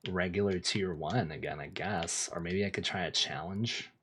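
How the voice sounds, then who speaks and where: A man's voice: low voice, moderate pace, a bit bright, slight background noise. A young man casually chatting with his chat while streaming a game, laid-back and talkative. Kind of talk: casual gameplay commentary.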